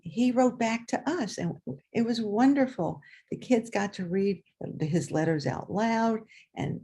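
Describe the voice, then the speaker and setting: An older woman, a former teacher, telling a story aloud at a story swap and acting out the voices with big leaps in pitch. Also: husky. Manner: animated, voices characters with big pitch jumps.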